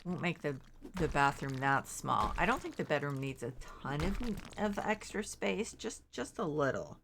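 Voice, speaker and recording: A middle-aged woman talks in a low, unhurried voice as she plays a game on stream, wandering between stories and chat messages. She sounds tired and yawns now and then while she gets over being sick. A faint hiss sits behind her voice. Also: lively intonation, creaky, a bit bright. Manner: rambling, chatty, reads chat aloud; frequent fillers and restarts. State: yawning, recovering from illness. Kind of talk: casual chat while playing.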